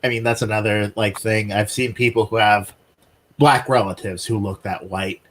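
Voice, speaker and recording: A man co-hosting a podcast, chatting casually and explaining things in halting bursts full of "uh" and "like". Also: on the low side, fairly even intonation, fairly bright tone. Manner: halting, many fillers and restarts while explaining. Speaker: podcast co-host. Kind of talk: casual chat.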